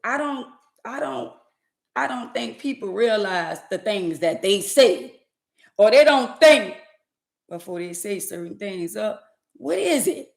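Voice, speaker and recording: A woman's voice: medium pitch, animated, a little slow, gravelly, reverberant. A woman vlogger delivering an indignant, emphatic rant to her viewers, repeating her phrases for effect. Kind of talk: ranting commentary to camera.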